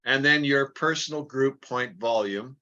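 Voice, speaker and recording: Bright-voiced man walking through a chart. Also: medium pitch, measured pace, lo-fi sound. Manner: plain, repeats words, talks through numbers step by step. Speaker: business trainer. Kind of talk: explaining a chart.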